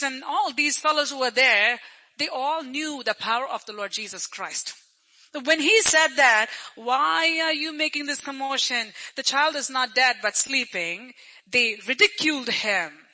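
Male preacher with an unusually high, piercing bright voice, chatty storytelling sermon, repeats lines for emphasis. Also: low-quality recording. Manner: storytelling preacher who acts out crowd voices; conversational, repeats phrases for emphasis.

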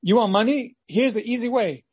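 A man's voice: extremely high pitch, fairly quick, slightly rough, dry recording, muffled recording, pitched above the performer's own voice. A man voicing the devil as a sly male tempter who coaxes with easy offers, acted within a sermon. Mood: coaxing. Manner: coaxing, wheedling offers.

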